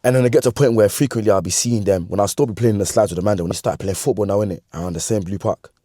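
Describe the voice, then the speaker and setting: A man in his twenties with a London accent, telling a funny story from his youth in slangy, animated talk that he breaks up with laughs. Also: lowish voice, racing, no room sound, studio quality. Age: 20s. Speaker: vlogger. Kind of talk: comedic storytime.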